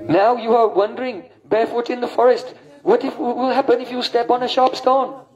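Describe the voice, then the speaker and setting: A man giving a spiritual lecture on scripture. He chants verses slowly and often pauses to ask his listeners "hmm?". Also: very high voice, flat delivery, darkish tone, highs cut off. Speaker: spiritual teacher.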